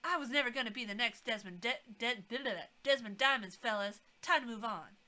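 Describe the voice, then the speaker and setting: A woman's voice: on the high side, fairly quick, bright, forceful tone. A woman reading the lines of a weary female ex-trombonist turned office worker in a video game. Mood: tired.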